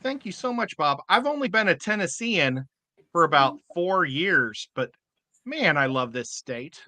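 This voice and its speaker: A man's voice: a little high, animated, measured pace, pushed and bright, no echo. A man chatting casually on a livestream, enthusiastic and full of praise. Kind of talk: casual chat.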